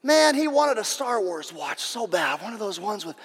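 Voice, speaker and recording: A man preaching a sermon as pastor, impassioned and repetitive, swinging between loud and hushed. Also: high-pitched, big pitch swings, normal speed, slightly rough, long reverb tail.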